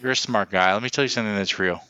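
A man with a New Jersey accent in casual podcast chat, loud and profane, repeating himself. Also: fairly low pitch, racing, lo-fi sound, a crowd in the background.

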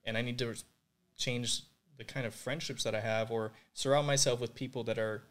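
He's a young adult guest from Puerto Rico sharing his faith testimony in a candid interview conversation. His mid-range, fairly bright voice keeps a fairly even intonation at a moderate pace, and his earnest, reflective talk is thick with fillers like "like" and "you know."

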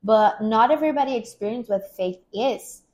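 A woman's voice: fairly high pitch, moderate pace, dark tone. A woman hosting a faith podcast, telling an emotional personal testimony in an earnest way with many fillers. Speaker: podcast host.

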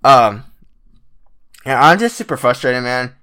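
A man's voice: medium pitch, animated, unhurried, bright, forceful tone. Young guy sick w a cracky voice, venting about his team, lots of swearing and "like"s. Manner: exasperated, swears a lot, many fillers. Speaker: basketball fan commentator. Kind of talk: casual ranting commentary.

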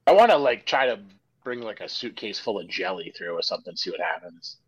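Lively, teasing man in banter. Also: on the low side, brisk, husky, dull audio. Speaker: podcast co-host. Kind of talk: casual chat.

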